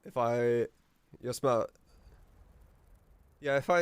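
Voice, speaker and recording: A male streamer chatting casually with his viewers in a relaxed, rambling way, his deep voice supported from the diaphragm. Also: takes it slowly, pauses often, clear, resonant tone, no echo. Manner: rambling and relaxed, with frequent restarts.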